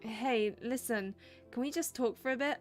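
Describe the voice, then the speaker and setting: A woman's voice: on the high side, moderate pace, faint music behind, close to an everyday voice. A woman reading a reserved young male game lead. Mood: subdued.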